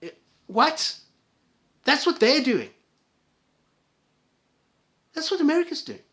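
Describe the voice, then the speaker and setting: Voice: high-pitched, sing-song, takes it slowly, a bit bright. A vlogger delivering an angry, profane solo rant to viewers, with heated stammering restarts.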